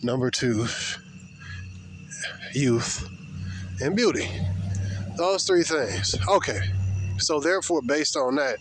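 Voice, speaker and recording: A man's voice: mid-range voice, lively intonation, slow, long pauses, noisy background. A man giving a blunt, rambling opinion monologue while walking outdoors, with many fillers and repeated words. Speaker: vlogger. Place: outdoors, walking past people.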